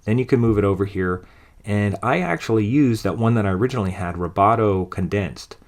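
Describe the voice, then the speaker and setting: A man with a lowish voice guides a software tutorial, recorded close to a desktop mic. He talks through each click in a relaxed, offhand way, thinking aloud as he goes. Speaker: design instructor.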